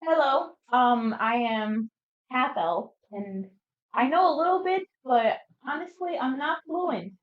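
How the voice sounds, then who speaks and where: A woman's voice: high voice, animated, slow pace, dull audio. Hesitant young-sounding woman player, echoey. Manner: hesitant, chatty. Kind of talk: playing a tabletop game in character.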